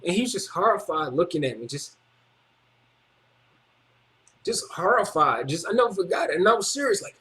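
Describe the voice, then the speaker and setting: A man with a notably high voice recounts a personal story in casual street slang. He repeats phrases for emphasis and speaks emphatically, like a testimony video. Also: animated, normal speed, pauses often, bright, forceful tone.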